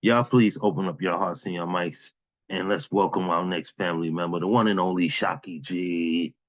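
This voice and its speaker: A man's voice: deep voice, steady tone, normal speed, dry recording, dull audio. A man hosting an online open mic, chatting casually and affectionately with the poets over a video call. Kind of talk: casual emcee chat.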